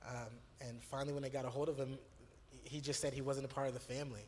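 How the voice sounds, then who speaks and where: A man's voice: mid-range voice, flat delivery, fast talker, darkish tone, long reverb tail, slight background noise. A man, a youth pastor, talking earnestly and telling stories with many fillers and restarts. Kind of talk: church video conversation.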